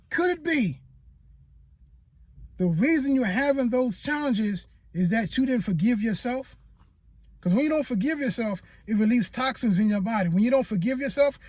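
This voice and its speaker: A man's voice: very high-pitched, dry recording. A motivational speaker sharing a personal testimony in an earnest, repetitive way, stammering when he gets emotional. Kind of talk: personal testimony talk to camera.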